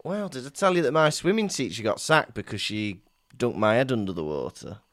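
A man, co-hosting a podcast in casual chat, teasing his friend and chipping in with quick asides. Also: mid-range voice, animated, no room sound, studio quality. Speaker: podcast co-host.

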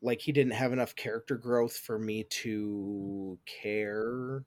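A man's voice: lowish voice, steady tone, takes it slowly, a little mellow. A man, a guest on a gaming podcast, giving blunt, profane opinions. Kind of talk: casual chat.

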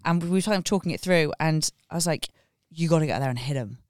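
A woman comedian talks quickly and animatedly in a casual podcast chat, full of fillers and swearing. Her voice sits low for a woman and comes through smooth. The sound is dry and close. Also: no room sound. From London.

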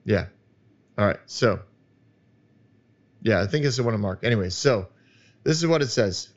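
A man's voice: fairly low pitch, normal speed. Emphatic male podcaster, slightly muffled. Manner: animated and emphatic, gets loud. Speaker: podcast host. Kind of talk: solo podcast monologue. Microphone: studio microphone.

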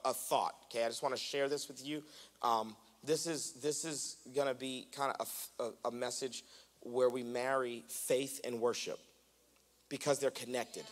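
Um pregador americano que prega um sermão em tom de conversa, brincando consigo mesmo antes de subir a voz com força. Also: male voice, mid-range voice. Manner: conversational, self-mocking, builds to loud animated preaching. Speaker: preacher. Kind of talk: sermon. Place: church sanctuary.

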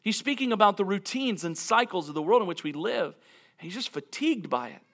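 A man preaching a sermon as a pastor, earnest and reflective, slowing down to stress key phrases. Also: sits high, very animated, fairly bright tone. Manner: earnest, reflective, with frequent restarts and dramatic slowdowns.

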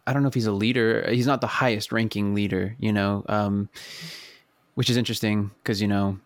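A man co-hosting a casual movie podcast, relaxed and thoughtful, leaning on filler like "you know" and "right.". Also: lowish voice, fairly quick, dry recording. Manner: thoughtful, relaxed, hedging with 'you know' and 'right'. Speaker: podcast co-host.

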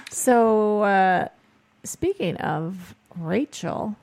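A woman's voice: mid-range voice, lively intonation, drawn-out words, a little mellow. A woman co-hosting a morning radio show, chatty and leading into her segments. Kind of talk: casual radio banter.

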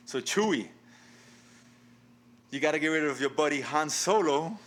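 Animated, bright-voiced male podcast host. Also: fairly high pitch, normal speed. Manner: laughs often, leads the game. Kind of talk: casual chat.

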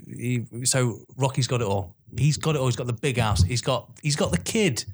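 A young man co-hosting a podcast, chatting about films in an animated, swearing, laughing way. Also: mid-range voice, moderate pace. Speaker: podcast co-host. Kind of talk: casual film chat.

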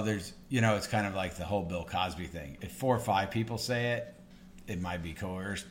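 Low-voiced man explaining calmly. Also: a little hiss or hum. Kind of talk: casual chat.

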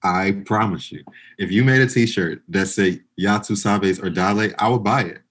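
A man with a very low, deep voice who hosts a podcast and keeps the talk casual. He speaks earnestly and emphatically, with a playful edge. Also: normal speed, a bit bright. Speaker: podcast host. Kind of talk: casual chat.

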